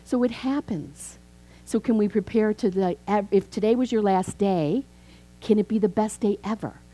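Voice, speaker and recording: A woman in her fifties, a minister, preaching a chatty, animated sermon in a church. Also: medium pitch, moderate pace, rough recording. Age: 50s. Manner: animated, chatty, acts out quoted voices. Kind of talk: conversational sermon.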